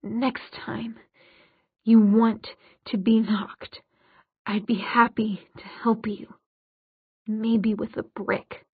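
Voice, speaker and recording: A woman narrator voicing a cold, defiant young man who speaks in clipped, measured words. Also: fairly high pitch, steady tone, husky. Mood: breathless whisper. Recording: dull lo-fi audiobook recording.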